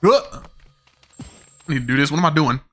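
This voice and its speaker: A man's voice: a little high, expressive, a little fast, a bit bright, a little hiss or hum. A young man streaming a game, chatting to his viewers in a rambling, slangy way, with lots of fillers and the odd swear word. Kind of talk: live-stream chat with viewers.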